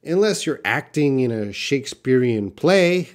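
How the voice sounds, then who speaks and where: A man's voice: medium pitch, expressive, a little slow. Canadian man teaching English live. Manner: direct, reads viewer comments aloud and answers them. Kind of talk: live-stream Q&A lesson.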